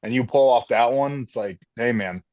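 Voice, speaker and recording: A man's voice: medium pitch, normal speed, a little mellow, no room sound. A man co-hosting a sports podcast, talking football in a laid-back, wry way. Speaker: podcast co-host. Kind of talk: casual sports chat.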